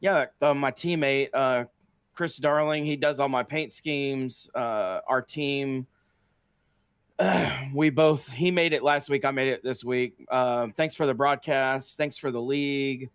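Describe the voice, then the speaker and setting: Easygoing man with a smooth, dry voice. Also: mid-range voice, slow, dry recording. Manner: easygoing, filler-heavy answers. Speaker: race winner being interviewed. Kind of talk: casual post-race interview.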